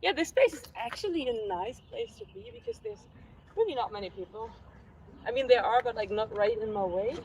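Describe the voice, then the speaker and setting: A woman live-streaming her outdoor workout, chatting with viewers and counting reps out loud, a little winded at times. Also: fairly high pitch, expressive, fairly quick. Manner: chatty, reads viewer comments aloud between sets. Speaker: fitness vlogger. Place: outdoors in a city. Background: faint traffic and street noise.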